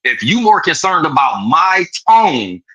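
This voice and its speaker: Husky, profane man ranting fiercely. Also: on the high side, measured pace, dull audio. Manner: profane, animated, preachy. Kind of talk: impassioned rant.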